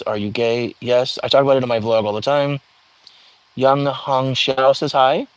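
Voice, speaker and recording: A man's voice: mid-range voice, dry recording. Chatty young man hosting a livestream. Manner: chatty and easygoing, reacts to viewer comments as they come. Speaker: livestream host. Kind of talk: casual livestream chat, reading comments aloud. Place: home.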